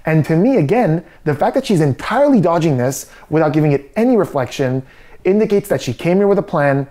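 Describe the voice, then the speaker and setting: A man's voice: on the high side, expressive, fairly quick, warm tone. A man giving skeptical, methodical body language commentary. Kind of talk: analytical commentary.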